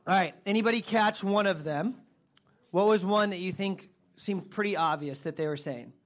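High-voiced casual youth pastor, a man. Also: normal speed. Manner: relaxed, conversational, quizzes listeners. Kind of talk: casual talk to a youth group.

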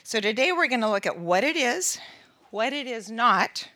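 A woman's voice: a little high, expressive, normal speed, sharp tone, no room sound. A woman in her sixties giving a sermon-style talk, mixing scripture with funny personal stories and laughing often at herself. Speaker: women's ministry speaker.

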